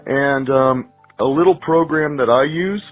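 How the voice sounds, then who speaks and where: A man's voice: medium pitch, measured pace, phone-quality sound, faint music behind. Rambling male caller on the phone. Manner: rambling, with many fillers. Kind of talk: casual voicemail. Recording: phone voicemail.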